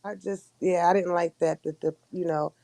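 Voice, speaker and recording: A woman's voice: fairly low pitch, steady tone, moderate pace, vocal fry, dark tone, a little hiss or hum. A woman hosting a casual livestream chat, talking in a loose, rambling way with many restarts. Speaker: livestream host.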